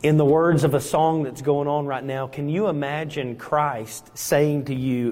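A male pastor preaching a sermon, dramatic and swinging between loud emphasis and hushed moments. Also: fairly high pitch, steady tone, a little slow, hardly any pauses, soft background music. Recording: long reverb in a large hall.

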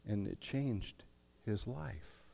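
A man preaching as a pastor, telling a story in a conversational sermon style with soft asides. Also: on the low side, very slow, vocal fry, big-room sound.

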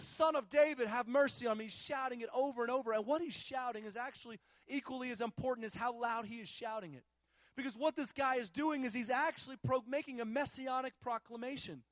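A man's voice: extremely high pitch, dry recording. A male pastor delivering a sermon, telling a Bible story with emphatic repetition.

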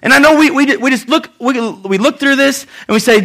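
Man preaching, a high voice for a man, animated and joking, acts out the quotes. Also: brisk. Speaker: pastor. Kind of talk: sermon.

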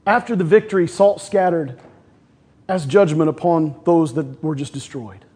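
A pastor preaching, his voice sitting high for a man. He is emphatic, dropping from ringing declarations to quiet asides. He keeps calling on the congregation to answer back. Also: normal speed, slightly rough. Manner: emphatic, swings from loud declarations to hushed asides; calls for congregation response. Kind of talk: sermon.

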